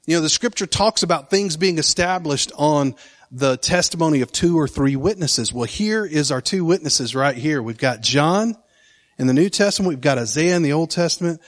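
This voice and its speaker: A man's voice: fairly high pitch, lively intonation, normal speed. A man teaching from the Bible in a casual, enthusiastic way, with frequent fillers and restarts. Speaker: preacher.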